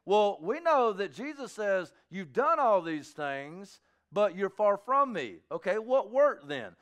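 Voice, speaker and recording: A man's voice: sits high, sing-song, takes it slowly, a bit bright. A middle-aged man preaching a sermon, moving between fervent exhortation and chatty storytelling with acted-out asides. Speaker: pastor.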